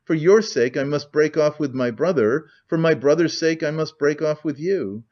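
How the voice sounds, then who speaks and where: A man's voice: a little high, moderate pace, muffled recording, pitched above the performer's own voice, lightly acted. A man reading as an earnest young woman. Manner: speaks with feeling.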